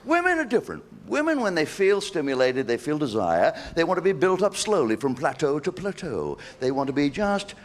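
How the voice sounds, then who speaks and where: This stand-up comedian is a man working a live show venue, throwing asides to the crowd between cheeky stories. His slightly high voice swings hugely in pitch, and he talks briskly with hardly any pauses, captured in a noisy live stage recording.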